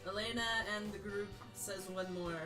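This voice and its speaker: A woman's voice: mid-range voice, fairly even intonation, normal speed. A woman co-hosting a livestream, chatting casually while gaming, exclaiming often and laughing a lot. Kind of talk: casual chat while playing a party game. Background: game music.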